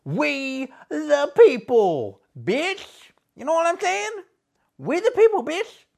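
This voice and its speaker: A man's voice: very high voice, very animated, slow, gravelly, voice pushed up, full character voice. A man doing a cocky, trash-talking wrestler playing gangster. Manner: swaggering slangy trash talk, crude boasts. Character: crude boastful male wrestler posing as gangster. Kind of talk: comedy sketch impression.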